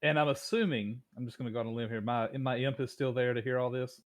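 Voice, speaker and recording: A man playing in a tabletop game, calmly describing his character's actions. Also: mid-range voice, fast talker. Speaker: player. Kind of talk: casual tabletop game play.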